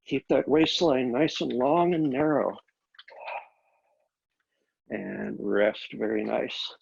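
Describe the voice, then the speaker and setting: A man teaching a Pilates class, calmly cueing each step of the exercises, recorded on a laptop microphone. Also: medium pitch, slow, gravelly, slightly rough, muffled recording. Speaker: Pilates instructor. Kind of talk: guided exercise class instruction.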